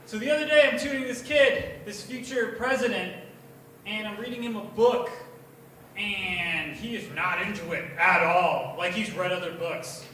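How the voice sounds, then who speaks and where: A high-voiced young man works through a profane, rambling stand-up bit at a bar open mic and erupts into shouting along the way. He sounds distant and swimming in heavy room echo, as if recorded from the back of the bar. A clear wash of room noise sits under him the whole time. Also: normal speed. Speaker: stand-up comedian. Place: small bar at an open mic night, indoors. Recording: echoey bar taped from far off, with room noise.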